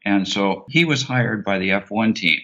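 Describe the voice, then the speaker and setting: A man telling a long personal anecdote as an interview guest, animated and acting out the voices of the people in it. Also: on the low side, normal speed. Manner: animated, acts out quoted voices. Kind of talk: anecdotal storytelling. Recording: dull lo-fi sound.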